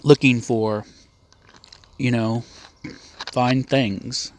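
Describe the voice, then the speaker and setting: A man's voice: medium pitch, steady tone, drawn-out words, a little hiss or hum. A man voicing a sly, road-worn gunman. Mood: wry. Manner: wry and needling.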